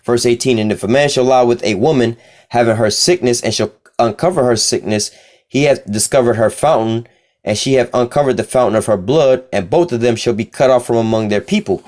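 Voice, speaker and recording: A young man giving an informal scripture teaching in a casual, profane way, reading verses aloud slowly between loose, repetitive asides full of fillers. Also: medium pitch.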